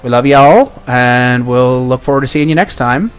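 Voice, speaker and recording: A man's voice: mid-range voice, moderate pace. A man who streams tabletop games, joking in a dry way and rambling through a casual chat. Faint music plays behind him. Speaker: player and streamer. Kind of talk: casual post-game chat.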